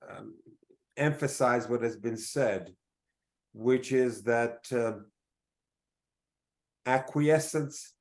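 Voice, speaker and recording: A middle-aged man giving a formal press conference statement, measured and deliberate, pausing often on fillers. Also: mid-range voice, darkish tone.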